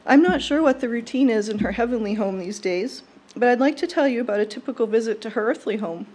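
A young woman delivering a prepared eulogy at a funeral service, in a warm, fond and measured way. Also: a little high. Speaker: eulogy speaker.

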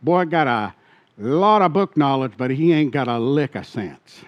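A man's voice: mid-range voice, lively intonation, measured pace, muffled recording, natural voice. A man putting on a plain-spoken Southern man with a Southern US accent, scoffing at a bookish boy. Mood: mocking.

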